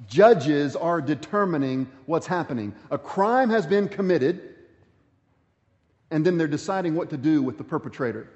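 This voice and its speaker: A man's voice: a little high, lively intonation, moderate pace, a little mellow, big-room sound, highs cut off. A pastor giving a sermon, reading scripture aloud and stressing his points through repetition.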